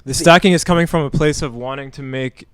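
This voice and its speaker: A man with a smooth, resonant voice talks thoughtfully as a guest in a casual chat. He often chimes in with quick laughing agreement, recorded close and dry. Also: fairly high pitch, no echo. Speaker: guest musician, vocal producer.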